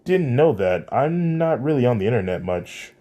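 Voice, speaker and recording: Man as nervous polite teen boy, soft, stammers, fan audio story. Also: medium pitch, sing-song, normal speed, voice pushed up, close to an everyday voice. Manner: soft-spoken, hesitant, stammers.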